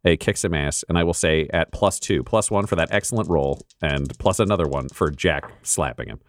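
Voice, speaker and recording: A man's voice: very deep voice, moderate pace. A man running an improvised tabletop horror-comedy game as game master, setting scenes playfully and vividly in a studio. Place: production studio.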